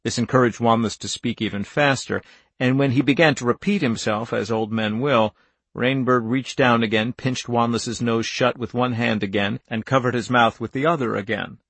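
A man narrates an audiobook in a steady, measured way. His voice has a gravelly texture, and the recording is close and dry with no room sound. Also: mid-range voice, no echo.

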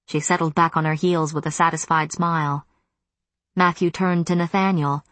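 A woman reading an audiobook in measured scripted narration. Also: sits low, steady tone, fairly bright tone, no echo.

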